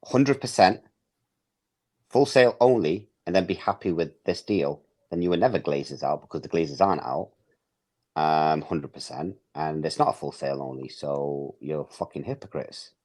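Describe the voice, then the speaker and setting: With a very deep, darkish voice at a moderate pace, a man hosts a casual football podcast. He's emphatic and profane, acting out the words of others as he talks.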